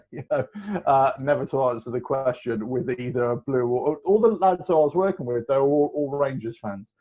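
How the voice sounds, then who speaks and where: A man, telling stories as a guest in a casual chat, animated and rambling, laughing often. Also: mid-range voice. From England. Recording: dull lo-fi recording.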